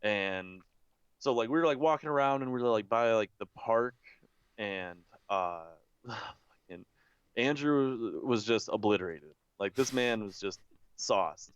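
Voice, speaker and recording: A man's voice: fairly low pitch, animated, measured pace, clear, resonant tone, no room sound, highs cut off. A young man telling a long rambling story in casual chat, swearing freely and saying "like" over and over. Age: young adult. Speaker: podcast co-host.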